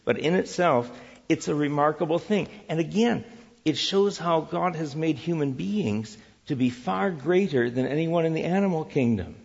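Man, church teaching talk, rhetorical questions, raspy voice, muffled lo-fi sound. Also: on the high side, normal speed, big-room sound. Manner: lively, asks many rhetorical questions. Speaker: Christian speaker teaching on work and business. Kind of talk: teaching talk with audience interaction.

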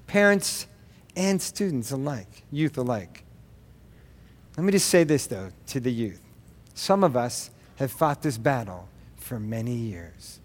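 Earnest preaching man in a reverberant gym. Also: mid-range voice. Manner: earnest, preachy, with quick asides. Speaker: pastor. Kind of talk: sermon.

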